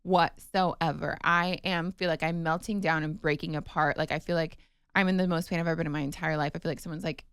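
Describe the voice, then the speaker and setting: Woman, podcast co-host, casual storytelling, animated, lots of fillers, dry studio sound. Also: low voice, fairly quick, clear, resonant tone, no echo. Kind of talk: casual chat, telling a birth story.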